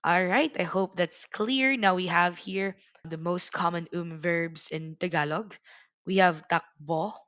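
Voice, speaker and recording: A woman's voice: on the low side, unhurried, fairly bright tone, no room sound, lo-fi sound. A woman teaching a grammar lesson, patiently explaining step by step with examples. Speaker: language teacher.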